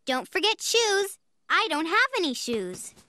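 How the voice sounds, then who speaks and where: A woman voicing a cheerful, excitable little monkey in a children's cartoon, bubbly and full of exclamations. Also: extremely high pitch, unhurried, full character voice. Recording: music playing under voice.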